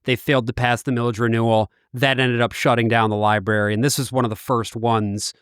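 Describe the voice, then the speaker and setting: A man's voice: medium pitch, flat delivery, brisk, a bit bright, smooth, no room sound, clean studio sound. A man co-hosting a podcast in casual chat, curious and explaining things plainly. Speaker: podcast co-host.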